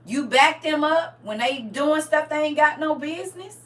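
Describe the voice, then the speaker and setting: A woman's voice: high voice, moderate pace, fairly bright tone, far from the mic. A woman, preaching casually and animatedly, acting out little scenes as she talks.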